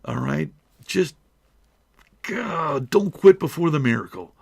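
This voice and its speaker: A man's voice: on the high side, expressive, takes it slowly, vocal fry, slightly rough. A middle-aged man speaking earnestly and emotionally to camera, rambling and restarting as he goes. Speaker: YouTuber. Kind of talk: heartfelt direct-to-camera talk.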